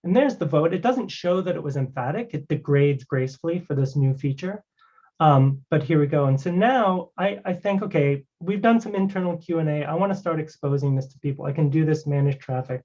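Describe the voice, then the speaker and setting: A man walking through a live technical demo as a guest presenter, talking casually and filling pauses with "you know" and "right". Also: on the high side, animated, a little mellow. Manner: conversational, many fillers like "you know" and "right". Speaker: guest presenter demoing a cloud product. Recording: dull lo-fi stream audio.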